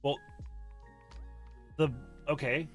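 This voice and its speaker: A man's voice: on the high side, steady tone, drawn-out words, soft background music. A man from the US Midwest hosting a casual stream chat, joking, swearing and laughing often. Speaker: streamer host.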